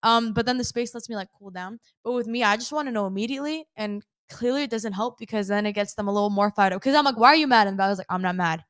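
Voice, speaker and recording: A young woman talks fast and lively as a chat guest, acting out the things she and others say. Her voice sits fairly high. The sound is dry and close. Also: smooth, dry recording. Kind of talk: casual conversation.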